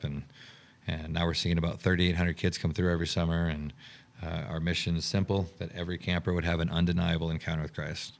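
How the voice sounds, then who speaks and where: A man with a very low voice tells the story behind his camp in an interview. He brings it to life by acting out the conversations he recalls, shifting his voice for each person. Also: creaky. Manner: animated storyteller acting out quoted dialogue. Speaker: camp owner and director.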